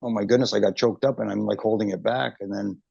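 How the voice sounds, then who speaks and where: A middle-aged man recounts a memory in a chatty, restart-filled way. His voice sits low and gravelly, and the call audio is dry and dull. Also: steady tone, fast talker, mellow, no room sound. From Canada. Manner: chatty, many fillers and restarts, emotional recollection. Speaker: guest, retired wrestling referee. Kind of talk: anecdotal interview storytelling.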